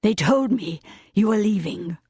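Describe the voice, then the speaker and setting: A woman voicing a sincere, humble gentleman suitor in an audiobook reading. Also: mid-range voice, animated, a little slow, creaky, breathy edge, dry recording, heavily acted. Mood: earnest. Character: earnest gentleman suitor, man, heartfelt and humble. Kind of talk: audiobook narration.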